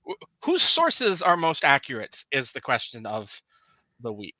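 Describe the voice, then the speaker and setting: A man's voice: medium pitch, huge pitch swings, unhurried, bright, forceful tone, no room sound. A man hosting a podcast, chatting casually and reading channel promos with upbeat asides. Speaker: podcast host.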